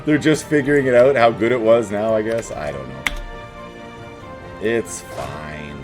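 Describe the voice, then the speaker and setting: A man's voice: lowish voice, a little slow, music in the background. A man giving casual, wry running commentary while playing a strategy game, joking to himself as he goes.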